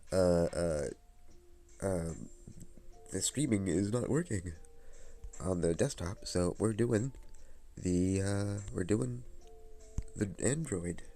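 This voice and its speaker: A man's voice: low-pitched, slow pace, pauses often, mellow, faint music behind. A man live-streaming from his phone, rambling and muttering to himself as he fiddles with settings.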